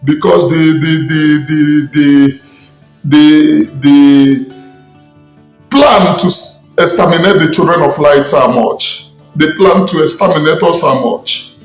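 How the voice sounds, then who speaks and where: Nigerian man, scolding spiritualist rant, higher voice, roomy echo, faint music behind. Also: slow pace. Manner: angry, preaching, scolding. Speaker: self-styled spiritualist commentator. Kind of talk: impassioned online rant. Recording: echoey room with faint music.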